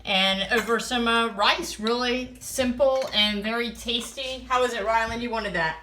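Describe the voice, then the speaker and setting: A family vlogger chats at home, partly outdoors, about the meals she cooked for her family, easygoing and sprinkled with fillers. Her voice is fairly high and sharp, her pace measured, and there's a little background noise.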